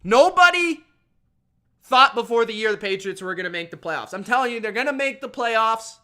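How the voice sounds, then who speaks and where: High-voiced man ranting emphatically. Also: animated, normal speed, bright, forceful tone, clear, resonant tone. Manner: emphatic, repetitive, addresses viewers as bro. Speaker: sports show host. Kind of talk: casual opinion rant.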